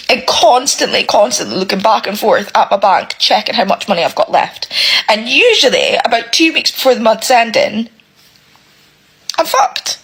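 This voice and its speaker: A woman's voice: fairly high pitch, animated, normal speed, a bit bright, breathy edge, low-quality recording. A woman, a single parent, ranting emotionally to camera, close to tears and swearing often. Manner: swears heavily, repeats herself, exasperated. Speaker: single parent sharing her struggles. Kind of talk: emotional personal rant to camera.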